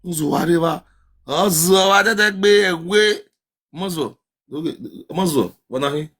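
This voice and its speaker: A man with a Nigerian accent chatting on a live stream, chanting sing-song calls and swinging between loud shouts and low mutters. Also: measured pace, breathy edge. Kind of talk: casual live-stream chat to viewers.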